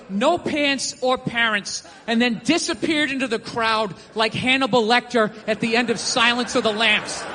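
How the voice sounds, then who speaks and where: High, bright, shouting stand-up comedian man. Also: a little hiss or hum. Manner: ranting, often shouting, sarcastic and profane. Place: theater stage before a live audience. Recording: long hall reverb with faint ambience.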